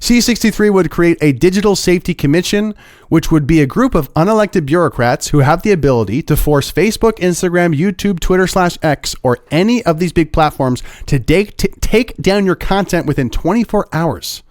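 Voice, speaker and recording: A man's voice: fairly high pitch, lively intonation, brisk, no echo, clean studio sound. A young man giving opinionated, sarcastic video commentary as the host of his own channel. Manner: sarcastic, mocking. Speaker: political commentator.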